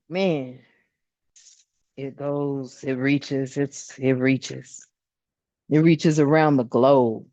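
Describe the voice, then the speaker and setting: A woman with a lowish voice gives a casual tarot card reading to her followers. She talks in a chatty, emphatic way with slangy asides. The recording is dry and slightly dull. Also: no room sound. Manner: chatty, emphatic, laughs often, slangy and expressive.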